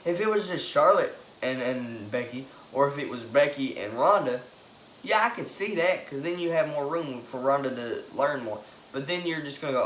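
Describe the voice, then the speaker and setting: A man giving an excitable, opinionated monologue, swearing and breaking into loud outbursts. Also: mid-range voice, normal speed, slight background noise. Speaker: wrestling commentator giving predictions. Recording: echoey room with faint ambience.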